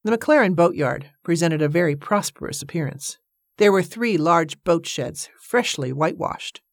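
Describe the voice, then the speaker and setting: A woman narrating a novel aloud in a measured, even storytelling manner. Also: lowish voice, no echo, studio quality. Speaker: audiobook narrator. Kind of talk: scripted narration.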